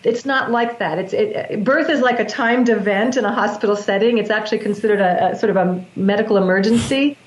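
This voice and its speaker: A woman's voice: mid-range voice, brisk, hardly any pauses. Woman explaining breath work, roomy sound. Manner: earnest, flowing explanations with restarts. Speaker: guest, breath work practitioner. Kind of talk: explanatory interview talk.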